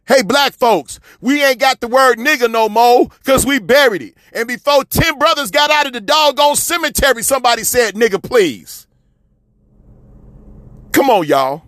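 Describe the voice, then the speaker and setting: Male radio commentator, high voice, preachy, shouts then drops low. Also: animated, normal speed, few pauses, no room sound, studio quality. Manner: preachy, repetitive, calls listeners "family" and "man"; swings from loud shouting to low mutters. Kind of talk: fiery street-talk commentary.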